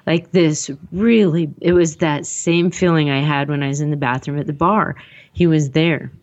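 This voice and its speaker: A woman's voice: sits low, steady tone, moderate pace, a little mellow, lo-fi sound. A woman telling a personal story in conversation, rambling and acting out the dialogue with lots of "like". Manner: rambling, acts out the dialogue, frequent "like".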